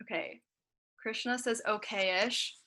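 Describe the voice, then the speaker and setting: A young woman teaching debate online, briskly reading out a practice speech in a drill-like list and then checking in with her students. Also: on the high side, fairly even intonation, pushed and bright, a little hiss or hum. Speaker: debate camp instructor.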